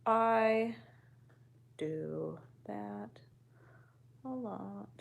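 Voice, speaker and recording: A woman's voice: mid-range voice, extremely slow, vocal fry, a little hiss or hum. A woman vlogger in casual chat to the camera, laid-back, sighing often and swearing offhandedly.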